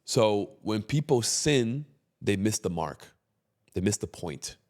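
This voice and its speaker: A man hosting a casual interview, speaking earnestly and reflectively at a measured pace. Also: lowish voice, lively intonation, darkish tone. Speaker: host.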